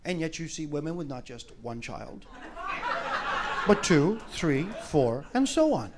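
A man's voice: fairly high pitch, very animated, a little slow. A man doing a stand-up comedy routine, brash, crude and mocking, in a noisy live club recording.

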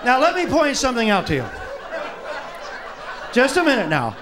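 A man's voice: very high-pitched, huge pitch swings, normal speed, a crowd in the background. A man doing a stand-up comedy routine, brash, crude and mocking, in a noisy live club recording.

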